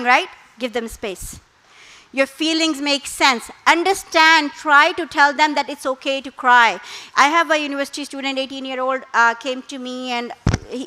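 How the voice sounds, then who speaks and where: Middle-aged woman talking parents through staying calm, high bright voice, steady and teacherly. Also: low-quality recording. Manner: calm, instructive, with acted quotes. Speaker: guest speaker, therapist. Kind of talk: parenting talk.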